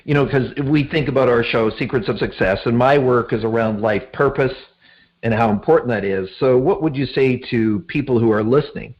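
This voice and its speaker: A man hosting an interview show, asking halting, searching questions. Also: mid-range voice, lo-fi sound. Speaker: host.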